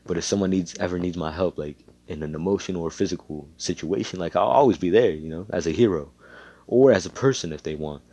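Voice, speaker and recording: A man doing a friendly, slightly awkward young heroine from a fan-made anime story. She sounds upbeat but hesitant, with a low voice. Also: fast talker, mellow, breathy edge. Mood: earnest. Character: friendly young woman, aspiring hero, a bit awkward.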